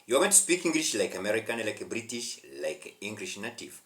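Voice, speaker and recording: Rwandan man teaching with animated intonation. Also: on the low side, fairly quick, reverberant. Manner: preachy, repetitive, with emphatic swells. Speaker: English teacher. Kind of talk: direct-to-camera English lesson.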